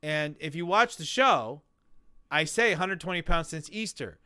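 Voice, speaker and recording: A man telling his own story in a casual interview, animated and acting out the voices of people he quotes. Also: a little high, normal speed, clear, resonant tone. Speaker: guest telling his weight-loss story.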